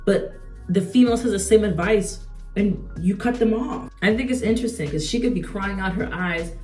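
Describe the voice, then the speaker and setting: A woman's voice: mid-range voice, fairly quick, reverberant, distant mic, faint music behind. A young adult woman talking casually while she does her makeup, chatty and slangy with lots of rhetorical asides. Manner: slangy and animated. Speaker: beauty vlogger.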